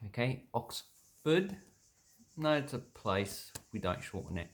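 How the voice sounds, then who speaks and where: An Australian man casually explaining words from a dictionary, thinking aloud with many pauses and restarts. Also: medium pitch, very animated. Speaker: language vlogger.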